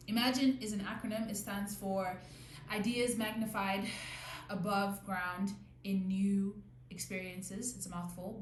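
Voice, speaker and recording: A young woman talks through her solo podcast in a loose, rambling way, often stopping to correct herself. Her voice sits at an ordinary pitch for a woman. The room rings with echo and a faint noise hums underneath. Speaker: podcast host. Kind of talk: casual solo podcast talk. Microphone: new podcast mic.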